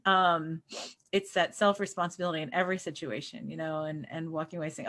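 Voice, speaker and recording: A middle-aged woman in casual spiritual conversation, telling personal stories with lively acted-out quotes and frequent laughs. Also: on the low side, brisk. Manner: animated storyteller who acts out quotes and laughs. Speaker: co-host.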